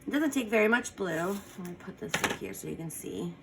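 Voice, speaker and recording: This woman speaks a little fast in an expressive, medium-pitched voice while leading a casual painting tutorial over background noise. She keeps chatting as she works and adds small apologies here and there.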